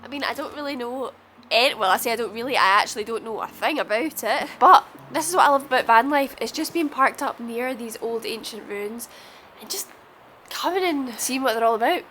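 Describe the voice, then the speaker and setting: A woman's voice: fairly high pitch, brisk, bright, forceful tone, a little hiss or hum. A woman vlogging casually about van travel, cheerful and enthusiastic. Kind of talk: casual vlog chat. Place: motorhome and outdoors.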